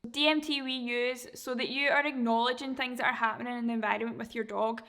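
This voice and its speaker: A woman dog trainer explaining a training method in a relaxed, chatty way, sometimes acting out how a dog reacts. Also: on the high side, fast. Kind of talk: casual instruction.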